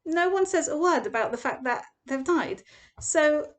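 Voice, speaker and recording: A young woman gives a Torah lesson in an animated storytelling manner. Her voice sits high and swings widely. She acts out the people she quotes. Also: measured pace. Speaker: Torah teacher. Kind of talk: expressive parsha lesson.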